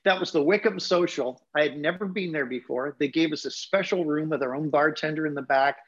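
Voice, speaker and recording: In an interview, a man in his sixties who was raised in England but has a Canadian accent tells personal stories, reflective and emotional, laughing along the way. His voice is a little high and fairly quick, and the recording is muffled.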